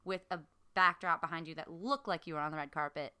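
Young woman guest spinning chatty anecdotes, bright and crisp. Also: sits low, quick pace. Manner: chatty, fills with "like", laughs often. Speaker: guest, country singer. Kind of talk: casual storytelling chat.

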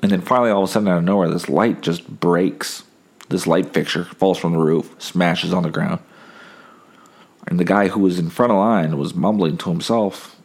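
A man's voice: deep voice, normal speed. A sick young man hosting a casual solo podcast, telling wry, rambling stories while holding back coughs. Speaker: podcast host.

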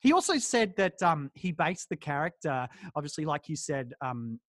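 A man's voice: on the high side, sing-song, moderate pace, no echo, studio quality. A man co-hosting a podcast, casually discussing a film and enthusiastically retelling scenes. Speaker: podcast co-host.

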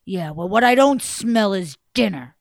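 A woman voicing a huge, gruff, man-eating giant who booms slowly and hisses some lines in a loud whisper. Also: animated, no room sound, clean studio sound. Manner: booming slow chant with hissed whispery lines.

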